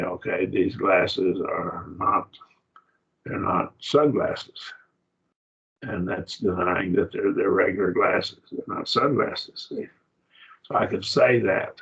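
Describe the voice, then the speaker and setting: Raspy low-voiced guy teaching a bible class, kinda halting, lots of uh's, muffled sound. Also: fairly bright tone. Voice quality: gravelly and husky. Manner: halting, repeats words, uses fillers and "see?". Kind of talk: informal classroom lecture. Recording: dull lo-fi classroom recording.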